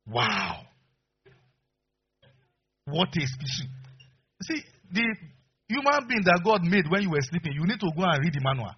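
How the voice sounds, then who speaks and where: A man preaching a sermon as pastor, telling stories with animated delivery and frequent laughter, on a dull lo-fi recording. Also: fairly high pitch, a little slow, long pauses, slightly rough. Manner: animated storyteller, acts out voices, laughs often.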